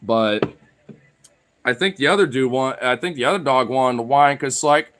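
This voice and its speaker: Casual male vlogger, rambling and loose, average pitch, chats to his dogs. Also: moderate pace, a bit bright. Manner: rambling, filler-heavy, talks to his dogs. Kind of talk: casual chat to camera.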